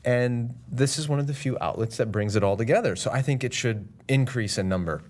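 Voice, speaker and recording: A man's voice: mid-range voice, brisk, darkish tone. A man co-hosting a casual podcast chat, making dry, teasing quips. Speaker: podcast co-host.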